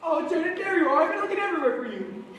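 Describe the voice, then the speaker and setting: A man's voice: extremely high pitch, very animated, very fast, fairly bright tone, a little hiss or hum, exaggerated voice. A young male student actor playing an earnest, lovesick groom in a live stage musical, pleading and flustered. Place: school auditorium stage. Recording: echoey hall from far off, music.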